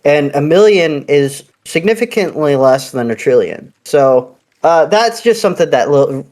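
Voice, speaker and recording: A podcast co-host in casual chat, excitable and blunt, swearing offhand. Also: mid-range voice, a little slow.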